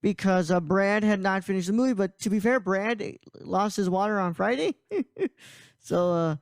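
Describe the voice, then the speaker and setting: A man's voice: high voice, unhurried, gravelly, smooth, no room sound. A man hosting a casual podcast, rambling with frequent laughs and restarts. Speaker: podcast host.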